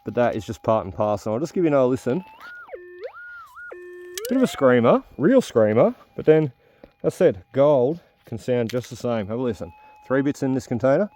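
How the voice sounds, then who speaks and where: A man who runs his own metal detecting channel talks straight to his viewers while detecting outdoors in the bush. His medium-pitched voice is mellow and very animated, moving along fairly quickly. There's slight background noise.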